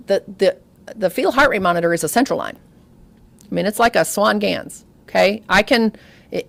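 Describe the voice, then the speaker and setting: A woman's voice: mid-range voice, creaky, no room sound. A woman giving a medical grand rounds lecture on obstetrics, telling stories and talking directly to the audience. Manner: lively storytelling with audience asides.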